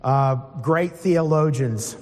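In a church hall with long reverb, a middle-aged man preaches an informal sermon to a congregation, reading scripture and putting plain questions to the room. His voice is fairly high, slow and a little mellow.

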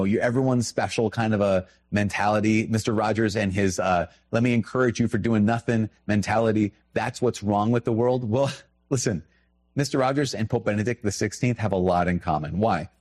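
Male priest, somewhat low voice, conversational, animated, self-deprecating. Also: fairly quick. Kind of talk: casual video talk.

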